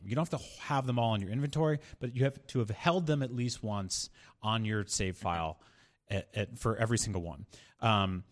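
A man co-hosting a casual games podcast, telling stories in an animated way with frequent laughs. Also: lowish voice. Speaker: podcast co-host. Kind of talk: casual chat about video games.

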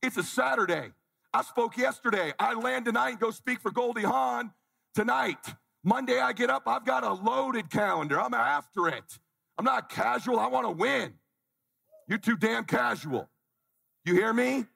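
A man in his forties delivers a fired-up motivational talk from a conference stage, prodding and scolding the audience. His voice sits high for a man and carries a gravelly rasp. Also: lively intonation, moderate pace, sharp tone, big-room sound. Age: 40s. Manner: intense, blunt and challenging, calls on the crowd. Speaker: motivational speaker.

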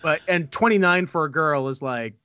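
A man's voice: on the high side, moderate pace, sharp tone, dry recording. A man co-hosting a podcast, tossing out wisecracks and quips in casual chat. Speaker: podcast co-host.

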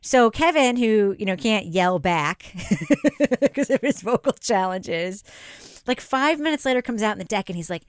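Woman podcast host, forties, smooth clear voice, animated and laughing. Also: medium pitch, normal speed, no room sound, clean studio sound. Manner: chatty, laughs often, animated storytelling. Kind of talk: casual podcast chat.

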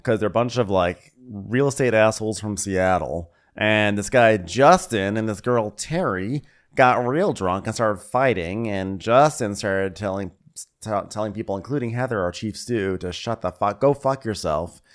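Low-voiced man rambling through a recap. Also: normal speed. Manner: rambling, profane, self-correcting. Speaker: podcast co-host. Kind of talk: casual comedic recap.

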